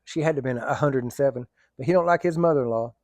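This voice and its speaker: A man's voice: medium pitch, quick pace, a little mellow, no echo. A man telling rambling, colloquial stories in a casual vlog and laughing often. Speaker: vlogger. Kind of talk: casual storytelling.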